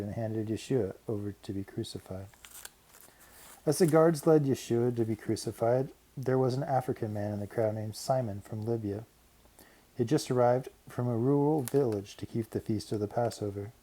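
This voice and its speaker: A man narrating a Bible passage in a measured, steady reading. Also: mid-range voice, rough recording. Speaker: Bible reader. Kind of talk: scripted narration.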